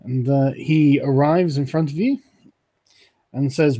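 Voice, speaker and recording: A man runs a tabletop game, narrating the scene in a loose, hesitant way. His voice sounds soft and mellow, with a husky grain. The sound is close and plain. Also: mid-range voice. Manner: relaxed, halting narration with fillers and laughs. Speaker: game master.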